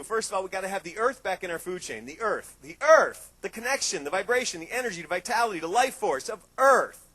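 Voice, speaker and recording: A middle-aged man giving a live health lecture to an audience, telling jokes and stories in an animated way. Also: on the high side, breathy edge. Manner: animated, joking storyteller. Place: restaurant event room.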